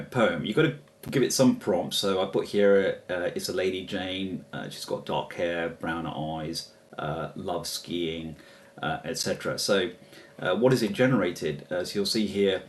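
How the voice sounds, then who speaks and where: A man's voice: low voice, moderate pace, far from the mic, slight background noise. Chatty man, a little off-mic. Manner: chatty, hesitant, many fillers and restarts, chuckles often. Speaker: presenter demonstrating software. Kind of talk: casual screen-share walkthrough.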